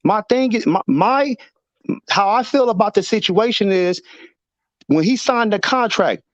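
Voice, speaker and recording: A man co-hosting a casual boxing debate, animated, acting out quotes and repeating himself as he argues. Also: sits high, unhurried, no room sound, highs cut off. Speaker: boxing show co-host.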